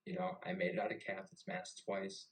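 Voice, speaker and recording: A young navy veteran tells a story loosely and casually. His voice sits on the low side, and he swears freely and keeps things animated. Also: brisk, poor audio. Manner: profane and animated. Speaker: podcast host and navy veteran.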